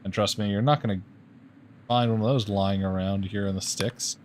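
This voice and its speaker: A man's voice: fairly low pitch, fairly even intonation, normal speed, a little mellow, a little hiss or hum, natural voice. A man voicing a tired, sardonic female harbor master from a fantasy game, drawling and dismissive.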